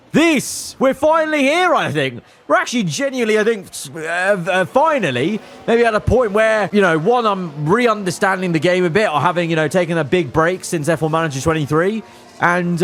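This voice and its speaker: Excitable man, gaming commentary, fairly high voice, faint background noise. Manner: excitable, talks to his drivers, swings from calm to elated. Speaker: gaming YouTuber. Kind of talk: game commentary.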